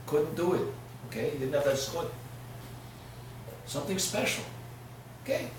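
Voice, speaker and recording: A man gives a rabbi's sermon, telling a story and dropping to hushed asides before rising to loud, emphatic peaks. His voice sits a little high. He is heard from a distance in a strongly echoing hall with a faint hiss. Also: sing-song, moderate pace. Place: lecture hall. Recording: echoey hall, from far off.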